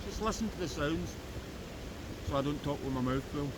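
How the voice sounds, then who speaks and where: Scottish man, vlogger, chatty and jokey, slightly high voice, outdoors, noisy river background. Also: normal speed. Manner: chatty, jokey running commentary. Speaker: metal detecting vlogger. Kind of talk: casual outdoor vlog. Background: flowing river.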